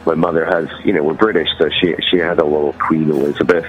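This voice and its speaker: A guest musician with a Californian accent chats casually in an interview, rambling along with plenty of "you know" and "like." His bass voice stays level and moves at a quick pace. The recording sounds muffled.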